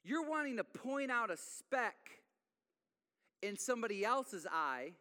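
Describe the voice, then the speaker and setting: A man's voice: very high voice, sing-song, unhurried, pushed and bright. A man preaching a conversational sermon as pastor, acting out little everyday scenes as he goes. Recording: long hall reverb.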